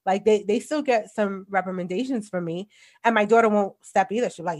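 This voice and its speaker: A woman in her forties, a guest on a casual podcast, talking bluntly and telling animated stories about raising kids, with a New York accent. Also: medium pitch, normal speed. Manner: blunt, animated storytelling with laughs.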